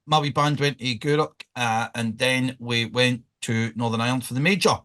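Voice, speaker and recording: A man's voice: mid-range voice, moderate pace, a bit bright. A Scottish man hosting a podcast, joking and rambling in casual banter. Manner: joking, rambling, laughs often. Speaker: podcast host.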